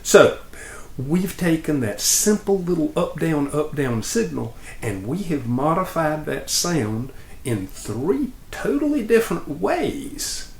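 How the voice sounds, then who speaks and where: Patient man teaching with lively pitch swings. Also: slow pace, gravelly, echoey room. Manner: patient, plain explanations with lively ups and downs. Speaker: instructor. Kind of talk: demonstration lesson.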